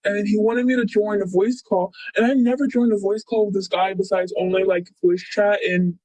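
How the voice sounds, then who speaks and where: A man's voice: high-pitched, fairly even intonation, normal speed, darkish tone, no room sound, rough recording. A young man being interviewed, telling a personal story in a rambling, casual way full of fillers. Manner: rambling, filler-heavy, quotes others with "blah, blah".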